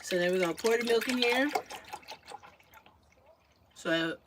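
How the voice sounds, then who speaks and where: A woman's voice: fairly high pitch, unhurried. A woman talks to her viewers in an easy, chatty way while she makes a drink in her kitchen. She sounds a little out of breath. There is a noisy background under her voice. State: slightly out of breath. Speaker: vlogger. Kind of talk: casual livestream chat. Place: home kitchen. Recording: noticeable background noise.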